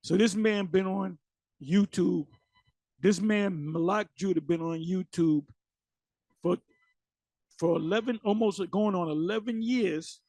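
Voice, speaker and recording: A man's voice: high voice, unhurried, long pauses, darkish tone, dry recording. A man giving blunt, mocking commentary as he reacts to online videos. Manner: mocking, blunt, swears freely.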